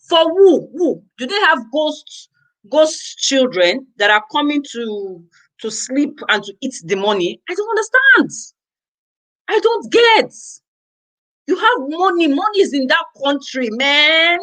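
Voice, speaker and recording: A woman's voice: a little high, pushed and bright, poor audio. A Nigerian woman vlogging to her viewers, ranting in an exasperated, exclamatory way, with lots of repetition. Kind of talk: casual ranting commentary to viewers.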